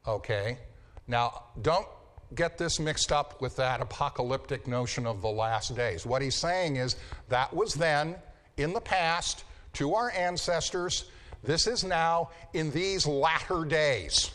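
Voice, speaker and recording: Man, Bible teacher, classroom lecture, slow deliberate delivery, fairly high voice. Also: fairly bright tone. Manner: emphatic, repeats key phrases, checks in with "okay?". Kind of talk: classroom lecture with questions to students.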